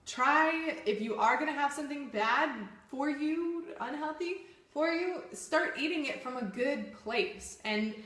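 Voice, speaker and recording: A woman's voice: sits high, unhurried, hardly any pauses, fairly bright tone, roomy sound. A woman co-hosting a live fitness show, chatting casually in an upbeat, encouraging way. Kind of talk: casual live-stream chat.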